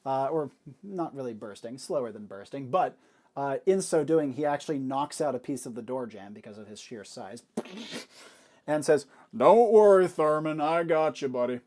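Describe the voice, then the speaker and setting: A man's voice: medium pitch, moderate pace, warm tone. A man narrating a tabletop game as game master, describing the scene with frequent fillers.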